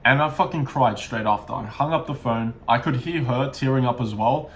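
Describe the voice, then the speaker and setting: A man's voice: medium pitch, normal speed, fairly bright tone, a little hiss or hum. Raw, confessional young man. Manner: raw, confessional, frequent swearing and restarts. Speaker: self-improvement vlogger. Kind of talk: candid personal story to camera.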